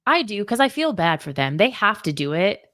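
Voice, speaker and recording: A female radio co-host who moves between reading short news items and easy, chatty banter. She laughs often as she talks, and her voice sits at an everyday pitch for a woman. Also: big pitch swings, brisk, fairly bright tone. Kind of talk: casual chat and news reading. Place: radio studio.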